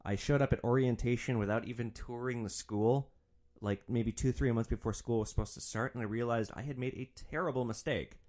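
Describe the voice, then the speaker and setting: A man's voice: mid-range voice, steady tone, a little fast, a little mellow. A young man hosting a podcast, telling comedic stories in a sardonic, profane way. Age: young adult. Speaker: podcast host, former rideshare driver. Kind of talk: comedic storytelling monologue.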